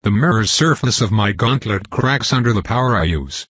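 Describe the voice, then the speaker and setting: A man's voice: lowish voice, animated, moderate pace, a bit bright, no room sound. A man narrating first-person fiction in a clipped, intense, dramatic reading. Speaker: audiobook narrator.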